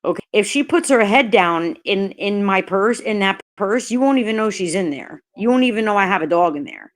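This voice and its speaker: Woman streamer, mid-pitched, ranting hot and swearing freely, greets her chat viewers mid-sentence. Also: expressive, a little fast. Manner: heated, profane, blunt. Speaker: livestreamer. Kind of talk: live-stream chat rant.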